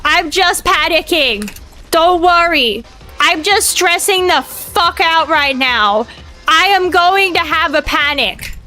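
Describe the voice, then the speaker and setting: A woman's voice: extremely high pitch, animated, takes it slowly, bright, forceful tone, faint music behind. A young woman streaming a game, talking herself through it in a frantic, swearing way. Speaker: VTuber streamer. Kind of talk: live gameplay commentary.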